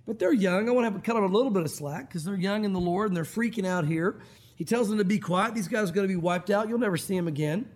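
A middle-aged man preaching a sermon as pastor, animated and acting out quoted voices. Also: sits high, quick pace.

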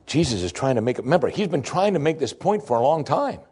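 Husky, animated male preacher. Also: a little fast. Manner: animated preaching, voice climbing high for emphasis. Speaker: pastor. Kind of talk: sermon.

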